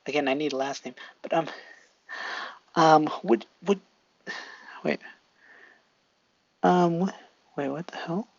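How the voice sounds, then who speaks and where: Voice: mid-range voice, takes it slowly, long pauses, no echo, lo-fi sound. A storyteller reading a fan story aloud casually, rambling and stopping to fix slips.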